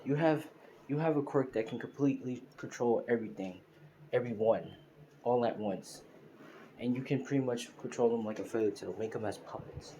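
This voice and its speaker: A man's voice: mid-range voice, moderate pace, warm tone, a little hiss or hum, lightly acted. A man voicing a cocky, proud teenage boy hero with a smug, taunting way of talking.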